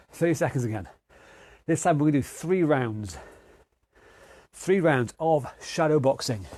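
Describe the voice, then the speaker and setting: A man's voice: a little high, darkish tone, no echo. A British man with a stuffy nose, leading an online exercise class and encouraging people as he counts them through each round. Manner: upbeat, encouraging, counting down reps. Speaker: fitness instructor.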